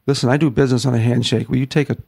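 A middle-aged man from the northern United States tells his story as an interview guest, folksy and lively, acting out what each person said. His voice has a gravelly rasp. The sound is dry and close, with no room echo. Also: mid-range voice, very fast. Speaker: guest, ministry founder.

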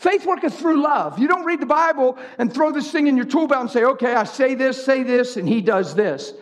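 A man preaching a sermon in an animated way, swinging from high shouts down to low storytelling. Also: fairly quick. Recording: long hall reverb.

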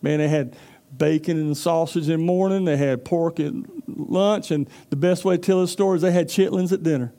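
A man's voice: a little high, fairly even intonation, brisk, hardly any pauses, mellow. A man preaching a sermon, telling a folksy story and acting out character voices. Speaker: pastor.

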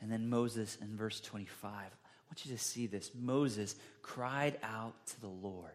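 A man preaching a sermon, acting out the people's words with sudden jumps in pitch and loudness. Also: steady tone, measured pace. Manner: dramatic, acts out quotes with big pitch jumps. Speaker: pastor.

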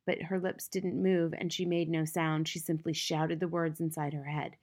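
A woman narrating a children's story aloud, expressive and building intensity at dramatic moments. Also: deep voice, normal speed. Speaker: audiobook narrator.

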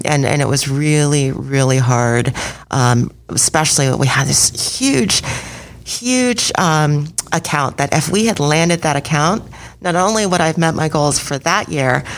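A woman guest speaks in a deep register with a gravelly edge to her voice. She recounts her career candidly and reflectively, in a halting way, often stumbling over repeated words. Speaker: guest, alumna sharing her career story. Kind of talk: reflective interview storytelling.

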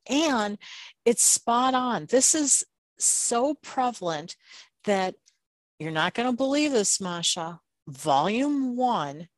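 A woman's voice: mid-range voice, dry recording. A woman hosting a podcast interview, speaking with emphatic enthusiasm. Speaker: podcast host.

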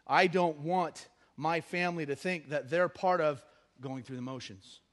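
A middle-aged pastor with a high, light voice delivers a somewhat slow, conversational, personal sermon. He blends humor with earnest appeals, shifting from quiet asides to loud, emphatic bursts.

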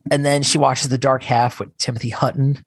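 Husky-voiced man scolding his co-host. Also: medium pitch, level tone, no room sound. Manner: teasing, scolding, quick to push back. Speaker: podcast co-host. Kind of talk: casual chat.

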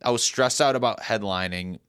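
Young guy, really low voice, rambly sweary storytelling, dry close sound. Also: a little fast, fairly bright tone, smooth, no room sound. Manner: rambling, profane, self-interrupting storytelling. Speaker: stand-up comedian, podcast guest. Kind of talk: casual chat.

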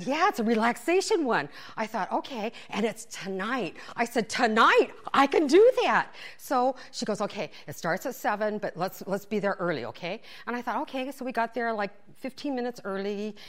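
A woman telling a funny personal story, acting out what everyone said, dropping to whispers and breaking into laughter. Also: lowish voice. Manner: animated, acts out quotes, whispers asides, laughs while telling.

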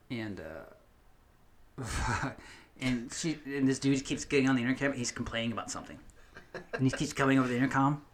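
A man's voice: medium pitch, a little hiss or hum. A young man casually telling a long story on a podcast, rambling and cursing, with lots of fillers and restarts.

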